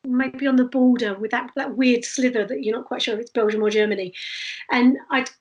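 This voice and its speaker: Woman, high pitch, animated, laughing, street performer guest telling stories. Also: fairly quick, lo-fi sound. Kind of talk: casual interview storytelling.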